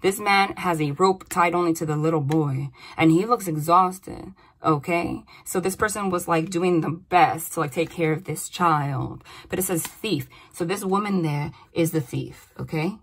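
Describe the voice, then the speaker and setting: A woman giving a casual tarot reading to camera, animated and excitable, often exclaiming and repeating herself. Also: on the low side, unhurried, husky. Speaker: tarot reader.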